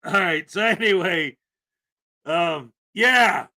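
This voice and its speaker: A man from Canada hosting a casual morning livestream, greeting viewers by name with loud, upbeat enthusiasm and a slightly rough throat. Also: high-pitched, lively intonation, slow, heavy background noise. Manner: upbeat, greeting chat names with shouted enthusiasm. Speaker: livestream host.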